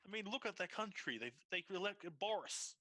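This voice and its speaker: A man's voice: high-pitched, lively intonation, fairly quick, sharp tone, no echo. A young man, a player, joking and teasing his friends bluntly, laughing often. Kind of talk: casual chat over a game stream.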